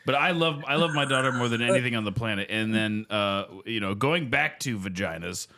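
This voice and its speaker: A man's voice: medium pitch, lively intonation, fairly quick, background noise. A man, a father and podcast co-host, telling a story casually, laughing often and repeating himself. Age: adult father.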